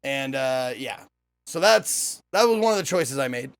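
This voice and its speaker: A man's voice: medium pitch, expressive, measured pace. A man streaming a game and chatting casually, rambling and swearing, often trailing off. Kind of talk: casual gameplay commentary.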